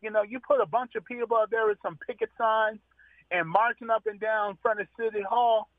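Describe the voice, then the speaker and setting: A man's voice: sits high, steady tone, fairly quick, no room sound. A man calling into a radio show by phone, speaking earnestly and complaining. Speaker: caller. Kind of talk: call-in radio conversation. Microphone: phone line. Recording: tinny phone line.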